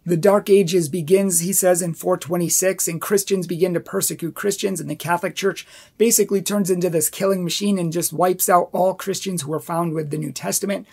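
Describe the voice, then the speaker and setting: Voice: medium pitch, steady tone, a little fast, gravelly, a little mellow, husky. A Catholic apologetics host rebutting a book in an emphatic commentary video, repeating points for stress and challenging viewers directly.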